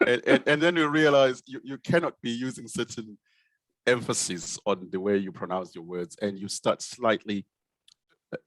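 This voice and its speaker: A middle-aged man from Zimbabwe with a Zimbabwean accent softened by years in the UK, telling his story in a relaxed, self-deprecating way with plenty of fillers and restarts. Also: medium pitch, moderate pace, no room sound. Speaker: guest, consultant pediatrician. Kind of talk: casual conversational storytelling.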